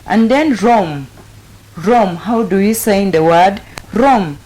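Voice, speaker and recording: A woman's voice: mid-range voice, lively intonation, slow, warm tone. A woman teaching sign language in a patient, repetitive way, with frequent fillers and restarts. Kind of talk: instructional explanation.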